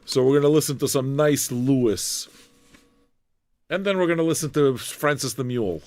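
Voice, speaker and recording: A man's voice: mid-range voice, normal speed, darkish tone, dry recording. A man from Canada hosts an internet radio show, talking loosely between records. His voice sits in an ordinary middle register and sounds dry and close to the mic. He rambles, curses freely and jokes with his listeners. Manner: profane, rambling, jokey. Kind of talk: casual DJ chat.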